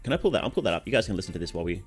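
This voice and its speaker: A man's voice: deep voice, sing-song, very fast, slightly rough, soft background music. A young Australian man with a sore throat chatting casually on a game stream, reading out chat and answering it.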